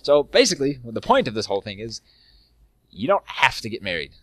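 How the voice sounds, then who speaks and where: A man's voice: mid-range voice, sing-song, fairly quick, fairly bright tone, no echo. A man co-hosting a casual podcast chat, rambling and self-deprecating, laughing often. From United States. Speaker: podcast co-host.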